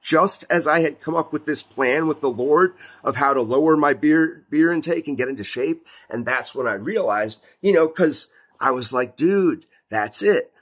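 A man's voice: a little high, moderate pace, fairly bright tone, slightly rough. A man in his thirties giving a casual spoken testimony as a Christian video host, rambling with many fillers like "like" and "you know". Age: 30s.

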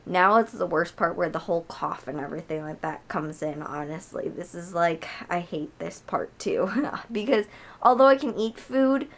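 Hoarse, gravelly young woman vlogging sick. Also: lowish voice, moderate pace, fairly bright tone. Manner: chatty, lots of "like" and "guys". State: hoarse from a cold. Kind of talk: casual chat to camera. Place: home.

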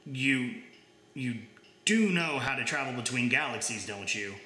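A man's voice: mid-range voice, expressive, a little slow, sharp tone, roomy sound. A man voicing a chatty, breezy space alien. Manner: casual, chatty, mildly condescending.

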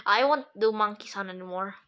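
A woman giving casual, playful commentary over a video game, excitable and making her own sound effects. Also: medium pitch. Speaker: gameplay commentator.

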